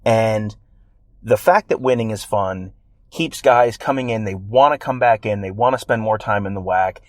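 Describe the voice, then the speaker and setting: Guy with a lowish voice cohosting a sports podcast, kinda rambly and wry, dry close mic. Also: normal speed, no echo. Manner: wry, rambling, self-deprecating jokes. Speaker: podcast co-host. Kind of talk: casual sports chat.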